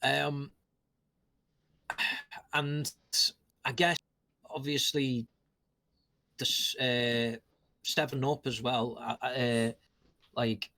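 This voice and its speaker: A man's voice: medium pitch, level tone, drawn-out words, pauses often, bright, forceful tone. Rambling male match interviewer. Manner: rambling, with many ums and restarts. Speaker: host and post-match interviewer.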